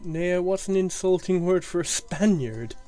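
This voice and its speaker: A streamer narrates their own gameplay live at an unhurried, drawn-out pace, muttering to themself and swearing freely. Soft music plays faintly underneath the voice. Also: medium pitch, lively intonation. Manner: sweary, talks to self. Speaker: game streamer.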